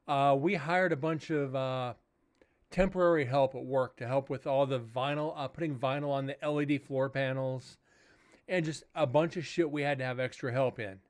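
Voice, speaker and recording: A man's voice: mid-range voice, fairly even intonation, normal speed. A man hosting a livestream as a paranormal investigator, chatting casually and telling rambling, profane stories.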